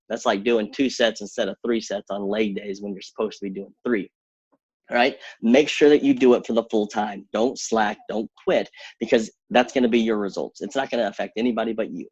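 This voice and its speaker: A man giving an energetic workshop talk on social media, coaching listeners directly and mimicking his own nervous thoughts in high squeaky voices. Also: fairly quick, breathy edge, no room sound, muffled recording. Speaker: workshop speaker.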